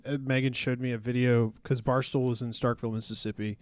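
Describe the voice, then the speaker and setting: A man's voice: medium pitch, level tone, fairly quick. A man co-hosting a podcast in casual chat, rambling and laid-back and laughing often. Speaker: podcast co-host. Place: podcast studio.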